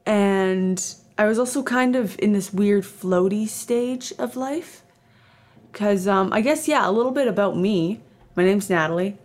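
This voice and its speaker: A woman's voice: mid-range voice, measured pace, darkish tone. A woman in her twenties from Canada, hosting a casual solo podcast, chatty and rambling with lots of fillers and self-deprecating asides. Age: 20s. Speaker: podcast host.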